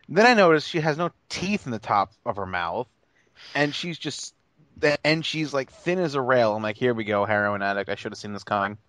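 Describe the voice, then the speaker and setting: Animated young man telling a work story. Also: medium pitch, no room sound. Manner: animated storyteller, stammers and restarts, swears freely. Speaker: podcast co-host. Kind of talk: casual podcast chat.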